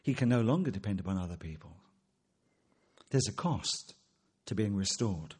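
A man's voice: fairly low pitch, lively intonation, moderate pace, darkish tone, slightly rough. A man preaching an expository sermon, asking rhetorical questions and quoting scripture.

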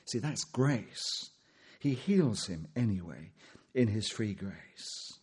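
A man's voice: on the low side, lively intonation, slow pace, a little mellow, husky. A man preaching an expository sermon, asking rhetorical questions and quoting scripture.

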